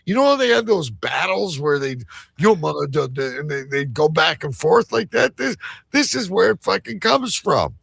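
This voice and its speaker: Joking co-host, very gravelly with a husky edge, swings his pitch around. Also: very animated, moderate pace, fairly bright tone, no room sound, clean studio sound. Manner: joking, rambling, swears. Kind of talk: casual chat.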